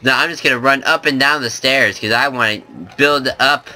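A young man hosting a gaming channel, rambling and joking excitably in casual gameplay commentary. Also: medium pitch, moderate pace.

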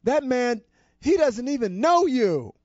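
A man's voice: very high-pitched, very animated, slow, darkish tone, no room sound, voice pushed up, full character voice. A man voicing a loving but firm churchgoing grandmother, talking with emphasis as he tells a story. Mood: encouraging. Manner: emphatic, scolding then encouraging. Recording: dull lo-fi dry recording.

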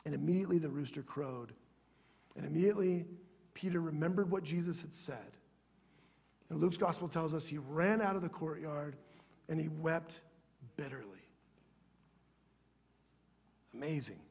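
A man pastor preaching a sermon in a church, earnest, sometimes dropping to a soft, prayerful tone. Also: fairly high pitch, moderate pace, creaky, pauses often, slightly rough.

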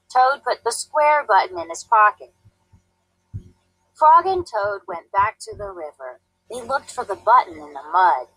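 Teacher lady reading a storybook out loud, slow and singsong, breathy voice, dry sound. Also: medium pitch, no echo, poor audio. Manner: expressive, clear and deliberate. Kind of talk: storybook read-aloud.

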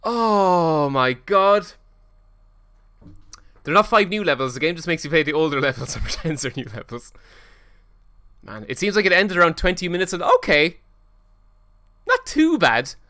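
Lively, bright-voiced man streaming a game. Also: a little high, normal speed, long pauses. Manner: excitable, self-mocking, swears often. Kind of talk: casual let's-play commentary.

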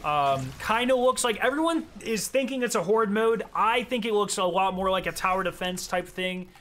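A young man streaming a game, chatting casually and excitably, with frequent swearing and sudden outbursts. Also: high voice, moderate pace. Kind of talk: casual gameplay commentary.

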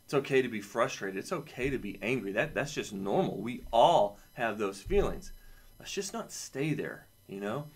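A man's voice: mid-range voice, expressive, moderate pace, husky. A man with a son, teaching a casual lesson to children with playful, jokey asides. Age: adult, has a son. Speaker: camp teacher for kids.

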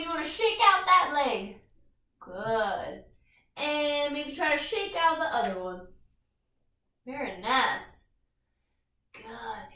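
A woman's voice: high-pitched, bright, forceful tone, reverberant, far from the mic. Sing-song woman leading kids' yoga. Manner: cheerful, sing-song, talks to young children. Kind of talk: guided kids' yoga class.

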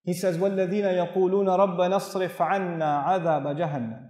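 A man giving an animated sermon, asking the audience rhetorical questions and reciting Arabic verses. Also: high-pitched, very fast, few pauses. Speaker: Islamic lecturer. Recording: echoey hall with long reverb.

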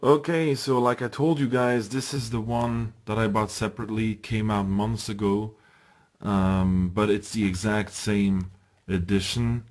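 A man giving a casual, enthusiastic unboxing review, chatting to viewers and pausing with ums as he handles the items. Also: on the low side, steady tone. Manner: enthusiastic, chatty, often addresses viewers as guys; hesitant, with ums and restarts while handling items. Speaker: video reviewer.

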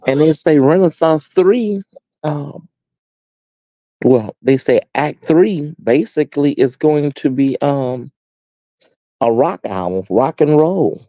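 A sassy, chatty American man hosting a live stream, his pitch swooping up and down as he talks. His voice is dark and mellow, recorded dry and a little dull. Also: expressive, slow, pauses often, no room sound. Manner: sassy, chatty, addresses viewers as honey and baby. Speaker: host. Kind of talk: casual live-stream chat.

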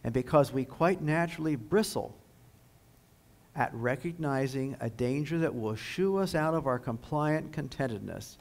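A man giving a history lecture at a high school, telling the story in an earnest, emphatic way. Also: creaky, rough recording. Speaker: guest lecturer.

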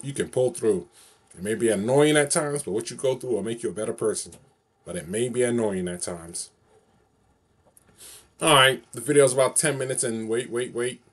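A man in his forties from New York City, talking to his viewers in a rambling, repetitive and upbeat vlog, now and then chanting a short prayer. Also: mid-range voice. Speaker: vlogger. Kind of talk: casual monologue vlog.

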